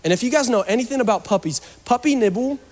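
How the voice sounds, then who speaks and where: A man's voice: very high-pitched, lively intonation, fast talker. A man preaching a sermon as pastor, joking and conversational, then rising to fervent urging. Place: church. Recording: long reverb from a church hall.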